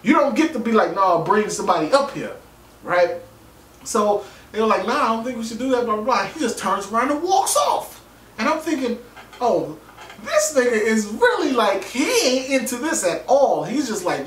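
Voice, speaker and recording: Man, casual recap, joking, swears, acts out quotes, slightly high voice, roomy distant sound. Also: very animated, normal speed, a bit bright, a little hiss or hum. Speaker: vlogger reviewing a TV episode. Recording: roomy, distant mic, faint ambience.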